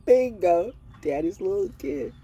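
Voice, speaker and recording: Woman ranting on her channel, husky voice, swooping lively pitch, blunt and profane. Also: measured pace. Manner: blunt, profane, preachy and animated. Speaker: oracle reader and channel host. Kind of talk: freestyle livestream rant.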